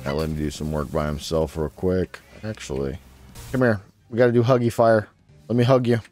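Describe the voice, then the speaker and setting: A man's voice: a little fast, soft background music. A young man hosting a gaming channel, giving playful, casual commentary on his gameplay and talking to the creatures on screen. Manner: playful, talks to his creatures, sudden excited jumps in pitch.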